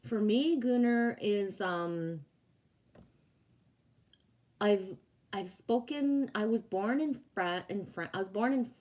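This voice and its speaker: A woman's voice: mid-range voice, slow, long pauses, a little mellow, a little hiss or hum. Chatty woman livestream host, French-first speaker. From Quebec, Canada. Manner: chatty and rambling, frequent laughter and restarts. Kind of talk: casual livestream chat, reading out viewer comments.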